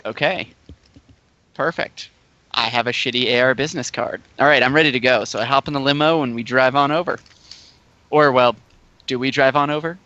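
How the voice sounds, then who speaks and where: Eager guy at a tabletop game, bright voice, slightly muffled recording. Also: mid-range voice, fairly quick, long pauses, no echo. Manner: eager, chatty, talks in character plans. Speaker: player. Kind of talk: casual tabletop game play.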